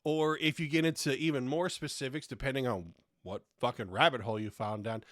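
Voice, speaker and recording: A man's voice: medium pitch, a little fast, hardly any pauses, no echo, studio quality. A man hosting a podcast, delivering a profane comedic rant with heavy swearing and exasperated outbursts. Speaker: podcast host.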